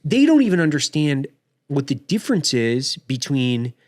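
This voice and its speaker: A man's voice: medium pitch, very animated, moderate pace, darkish tone, no echo, studio quality. A man hosting a podcast in casual chat, telling stories in an opinionated, conversational way. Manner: opinionated, conversational, with short laughing asides. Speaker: podcast host.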